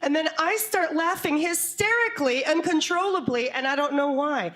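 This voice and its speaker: A woman telling a true story live on stage to an audience, animated and quick to laugh, with comic asides. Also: high-pitched.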